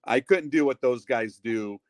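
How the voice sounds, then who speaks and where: This middle-aged man works as a wrestling ring announcer and appears as an interview guest, casually swapping stories. His medium-pitched voice moves at an unhurried pace with no room sound, and he chats freely, acting out quoted voices and leaning on plenty of fillers.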